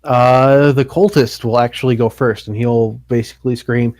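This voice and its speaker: Guy running a d&d style game, plain mid voice, dry close sound, steady and matter of fact. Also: medium pitch, moderate pace, hardly any pauses, no room sound. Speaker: game master. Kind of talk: narrating a tabletop game.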